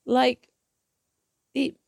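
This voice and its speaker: Woman, solo podcast host, blunt swearing rant; warm tone, dry close recording. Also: extremely slow, no echo. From United Kingdom. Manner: blunt, ranting, swears freely; repeats and restarts when heated.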